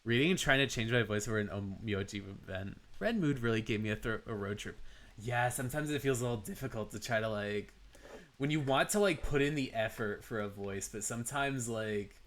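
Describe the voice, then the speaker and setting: Animated man chatting casually, laughing often. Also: mid-range voice. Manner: animated, laughs often, frequent filler words. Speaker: streamer. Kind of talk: casual chat.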